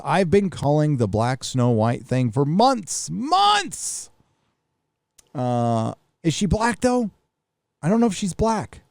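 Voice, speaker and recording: A man's voice: medium pitch, mellow, dry recording. A man hosting a livestream, casually reading viewer messages aloud and riffing on them with offhand swearing. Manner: offhand, swears freely, reads messages aloud then riffs. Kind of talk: casual live chat.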